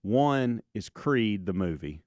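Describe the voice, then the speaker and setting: A man hosting a casual morning radio show, rambling through stories in a relaxed way. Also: fairly low pitch, slow pace, dry recording. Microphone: studio microphone.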